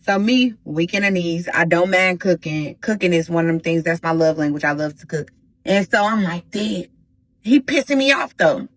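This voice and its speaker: A woman hosting a casual storytime vlog, talking straight to her viewers in an animated, slangy way. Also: lowish voice, fairly quick, no room sound, low-quality recording. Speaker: storytime host.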